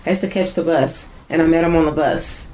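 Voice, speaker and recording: A woman co-hosting a podcast, telling stories in casual chat and animated when she quotes others. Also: low-pitched, fairly quick, poor audio. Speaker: podcast co-host.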